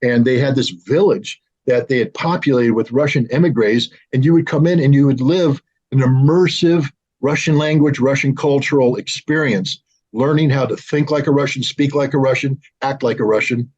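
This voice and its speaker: Husky animated American man in his 60s. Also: mid-range voice, normal speed. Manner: animated, with lively mimicry of others. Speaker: show host telling a personal story. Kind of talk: casual storytelling monologue. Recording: slightly dull lo-fi sound.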